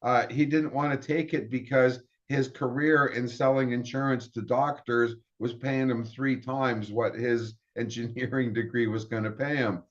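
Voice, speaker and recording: A man's voice: mid-range voice, fairly even intonation, measured pace, hardly any pauses. A middle-aged man telling his career story in a casual way, with restarts and acted-out quotes. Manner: rambling, with restarts and quoted dialogue. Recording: dull lo-fi sound.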